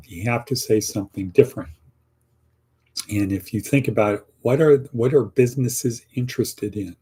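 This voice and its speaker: Middle-aged male coach, mellow and husky, casual teaching tone. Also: medium pitch, normal speed. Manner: coaching, acts out sample answers, repeats lines for emphasis. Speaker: teacher of a career class. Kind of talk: casual online lesson.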